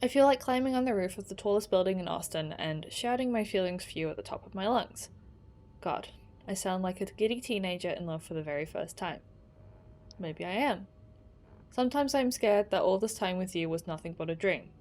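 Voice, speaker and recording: A woman's voice: mid-range voice, animated, fairly quick, a little mellow, lightly acted. M, a woman reading as a lovesick 1940s letter writer. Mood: longing. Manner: reading aloud, tender then resigned. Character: young woman writing love letters, 1940s. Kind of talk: reading game letters aloud.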